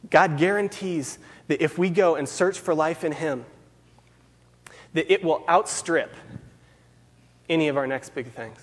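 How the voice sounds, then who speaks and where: A man's voice: on the high side, measured pace, long pauses. A man preaching a sermon to a gathered group, earnest, repeating key phrases for emphasis. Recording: long hall reverb.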